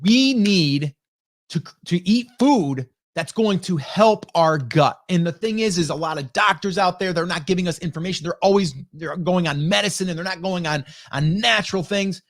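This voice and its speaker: A man hosting a casual live stream who talks fast and gets fired up, tagging his points with "right?" and "okay?", close on a broadcast studio mic. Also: high voice, no room sound. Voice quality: energetic, fired-up, rapid talker. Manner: rhetorical "right?" and "okay?" tags. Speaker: livestream host. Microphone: broadcast dynamic studio mic.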